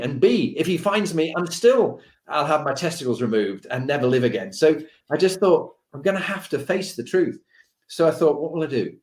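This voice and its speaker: A man's voice: a little high, roomy sound. A man telling an anecdote from his army days, acting out the dialogue with different voices and laughing as he goes. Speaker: storyteller recalling army days.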